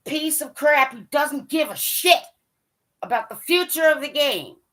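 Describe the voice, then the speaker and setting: High, bright-voiced woman ranting. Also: expressive, a little slow. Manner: blunt, profane, scolding. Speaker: hockey fan vlogger. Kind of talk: ranting monologue to camera.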